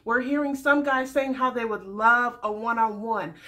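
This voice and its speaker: Young woman doing a sassy tv recap, high-ish voice, real bright and forceful. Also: normal speed. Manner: sassy, animated storytelling. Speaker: recap vlogger. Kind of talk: casual TV recap commentary.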